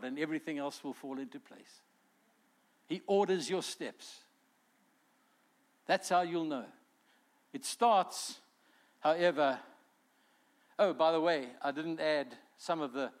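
High-voiced man preaching with fervor. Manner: animated preaching, voices quotes with swelling emphasis. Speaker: pastor. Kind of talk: sermon.

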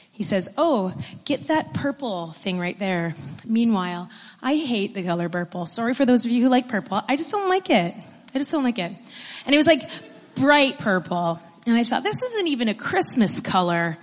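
A woman's voice: mid-range voice, long reverb tail. A woman preacher telling a personal story during a sermon, emotional and tearful.

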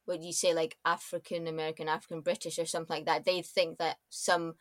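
A woman guest on a casual podcast interview who rambles with lots of "like" fillers and lets her sentences trail off softly. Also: low-pitched, little pitch movement, fast talker, dry recording, studio quality. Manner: rambling, many likes and soft trailing-offs.

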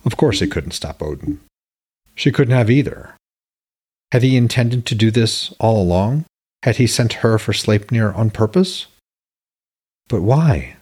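Deep husky male audiobook narrator. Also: lively intonation, darkish tone. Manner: measured, descriptive storytelling. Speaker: author reading his own novel.

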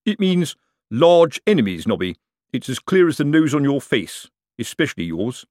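A pompous middle-aged city-watch sergeant in an audiobook, lecturing with weary authority in a raised, lively voice, as a male narrator puts him on. The sound is close and dry. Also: medium pitch, normal speed, dry recording, voice pushed up, lightly acted. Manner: pompous, know-it-all.

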